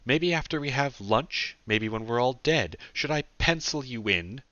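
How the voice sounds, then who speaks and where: A man's voice: medium pitch, lively intonation, unhurried, sharp tone, no room sound, muffled recording, voice pushed up. A man voicing an angry, sarcastic woman alchemist in an audiobook, biting and scornful in manner.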